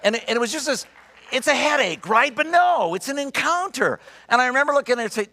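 A middle-aged man preaching a sermon, telling stories in an animated, emphatic and earnest way. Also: extremely high pitch, fast. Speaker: pastor. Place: church sanctuary. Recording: long reverb of a large church hall.

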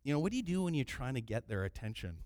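A man preaching a sermon in an animated way, sometimes raising his voice to act out the people in his story. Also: medium pitch, racing. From Canada. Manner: animated preaching, acting out quoted cries loudly. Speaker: pastor.

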